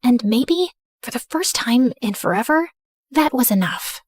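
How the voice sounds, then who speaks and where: A woman narrating an animated first-person story in an expressive, animated way. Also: fairly high pitch, unhurried, slightly rough, no echo, clean studio sound.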